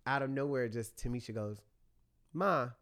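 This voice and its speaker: A young man in casual chat as a podcast guest, an animated storyteller who acts out his family's voices. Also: mid-range voice, brisk.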